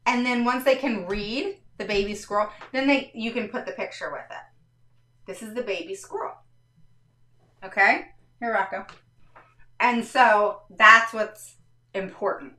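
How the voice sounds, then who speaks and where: A woman's voice: medium pitch, measured pace, pauses often, sharp tone. Lady explaining stuff on a live stream, keeps saying all right, sounds a bit far off in the room. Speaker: host of a parenting live stream. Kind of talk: casual live-stream teaching talk. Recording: roomy, slightly distant mic.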